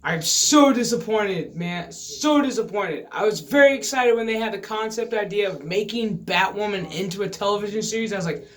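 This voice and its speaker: A man's voice: sits high, expressive, normal speed, hardly any pauses. A man vlogging a casual, profane review of a TV episode, exasperated and swearing freely.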